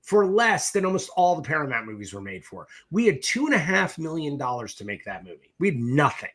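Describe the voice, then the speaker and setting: A middle-aged man, a film director, telling profane, lively stories in an interview and acting out both sides of conversations. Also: on the high side, fairly quick. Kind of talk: animated storytelling in a casual interview.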